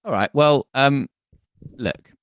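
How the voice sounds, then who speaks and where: A man's voice: mid-range voice, slow pace, a bit bright, clear, resonant tone, dry recording, studio quality. A man co-hosting a comedy podcast, chatting casually and rambling into jokes and silly voices. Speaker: podcast co-host.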